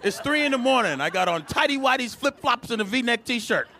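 A man's voice: very high voice, fairly quick, a little hiss or hum. A man performing a stand-up set, acting out the voices in his stories, with an audience laughing. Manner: animated, acts out voices. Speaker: stand-up comedian. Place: comedy club stage. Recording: live club recording with audience.

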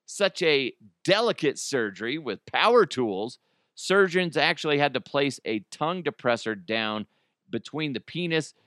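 Man, podcast host, joking, animated, bright tone, lively pitch. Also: no echo, studio quality. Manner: animated, joking, laughing often. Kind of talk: comedic solo podcast monologue.

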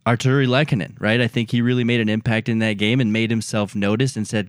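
Low-voiced man, dry measured talk. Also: flat delivery, no room sound. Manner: measured, pauses to search for words. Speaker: sports podcast co-host. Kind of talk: casual chat.

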